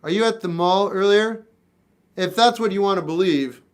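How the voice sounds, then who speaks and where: A man's voice: high voice, normal speed, clean tone. A man in his forties from South Florida, casually chatting and answering viewers' questions on a music livestream, wry and laid-back.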